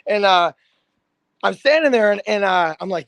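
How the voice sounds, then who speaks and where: High, gravelly-voiced rock singer telling stories. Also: male voice, brisk, no room sound. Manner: animated, swears freely, says "dude" often. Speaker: rock band lead singer, podcast guest. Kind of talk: casual storytelling.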